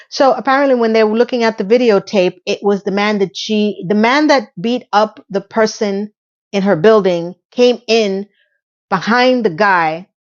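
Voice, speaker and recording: A woman's voice: mid-range voice, highs cut off. A woman casually recapping a TV episode, chatty and sarcastic, sometimes acting out the characters' lines.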